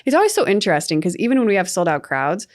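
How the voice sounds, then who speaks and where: A young adult woman co-hosting a sports podcast, telling stories in a chatty, animated way with lots of fillers. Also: mid-range voice, very fast. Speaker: podcast co-host. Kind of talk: casual sports chat.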